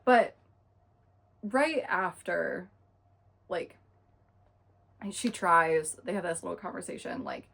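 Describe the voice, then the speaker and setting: A young woman recapping a book in a casual, chatty way, full of fillers and quick asides. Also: on the low side, lively intonation, gravelly, a bit bright. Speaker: book reviewer.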